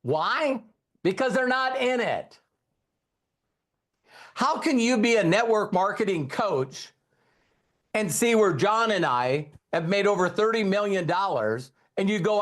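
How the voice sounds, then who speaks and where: A network marketing trainer in his fifties gives an energetic motivational training talk, repeating key lines and quizzing the audience. His voice is high-pitched and unhurried, with frequent pauses.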